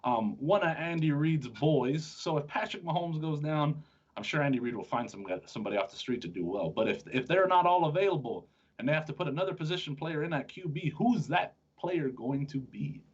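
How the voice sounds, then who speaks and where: A man with a slightly husky voice hosts a casual sports show, talking fast and joking with his co-host. The recording sounds dull and lo-fi. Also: a little high, expressive. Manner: chatty, joking, quick-talking with restarts. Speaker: podcast host.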